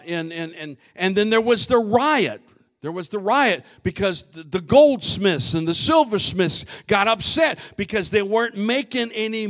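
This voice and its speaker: A man preaches a sermon as a pastor, his voice sitting high as he swings between shouted lines and hushed asides. He often repeats himself and restarts his words.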